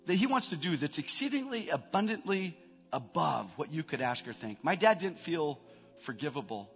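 A middle-aged man, a pastor, preaching a sermon, building to emphatic peaks and then dropping into soft prayer. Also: on the high side. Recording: long reverb, dull band, faint music.

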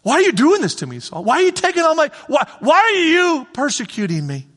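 A man voicing Jesus as a male voice from heaven, calling out loudly and pleading. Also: huge pitch swings, a little fast, heavily acted. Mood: pleading, anguished. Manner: loud, shouted, high-pitched calls. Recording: long hall reverb.

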